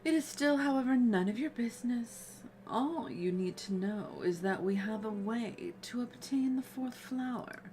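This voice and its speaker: A proud, haughty spellcaster from a cozy fantasy game, played by a woman reading the lines aloud. She speaks in a clipped, condescending way. The voice sits a little higher and stronger than plain talk. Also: expressive, unhurried, hardly any pauses, darkish tone, slight background noise.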